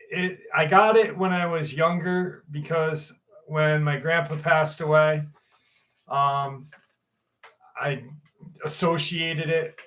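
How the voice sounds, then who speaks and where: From a room at home, a man livestreams and chats loosely with viewers, rambling with fillers and the occasional swear. His voice is fairly high and fairly bright, and the recording is rough.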